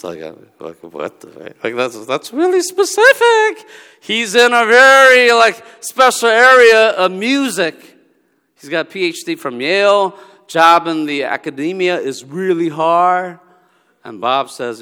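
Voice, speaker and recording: Bright-voiced preacher in a big hall. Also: male voice, on the high side, big pitch swings, normal speed, clear, resonant tone. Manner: conversational storytelling, acting out dialogue. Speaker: pastor. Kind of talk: sermon. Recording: long reverb of a large hall.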